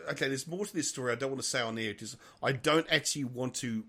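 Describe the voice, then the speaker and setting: A man's voice: mid-range voice, quick pace, bright, forceful tone. A middle-aged man, co-hosting a casual podcast chat, swearing a lot and ranting heatedly. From Australia. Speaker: podcast co-host.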